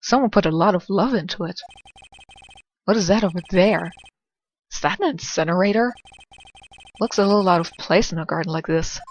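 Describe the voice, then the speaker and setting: A woman's voice: lowish voice, moderate pace, long pauses. A woman giving casual, dry, sarcastic commentary while playing through a game and reading its dialogue. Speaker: let's play narrator.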